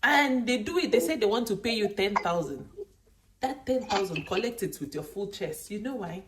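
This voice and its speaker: A Nigerian woman hosting a live stream, exhorting her audience with an emphatic, preachy delivery. Her pitch swings widely and lively. She sounds set back from the mic, with clear noise in the background. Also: normal speed, recorded from a distance. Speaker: livestream host. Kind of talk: motivational live stream chat.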